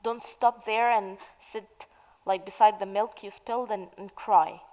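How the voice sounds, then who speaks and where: A woman teaching the meaning of idioms in a slow, patient way, asking questions and then answering them. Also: medium pitch, steady tone, darkish tone, long reverb tail, poor audio. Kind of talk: slow explanatory lesson narration.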